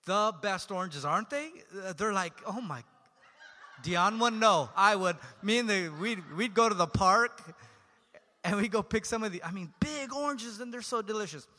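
A man preaching in a church sanctuary, his voice high and bright. He talks to the congregation in a loose, conversational way, tossing in jokes. The sound carries a long hall reverb. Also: moderate pace. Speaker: pastor. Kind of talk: sermon.

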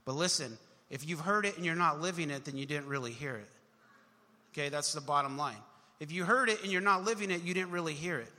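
A young adult male pastor preaching a sermon with emphatic swells, sometimes dropping low and then rising to shouts. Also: fairly quick. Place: church hall. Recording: long hall reverb.

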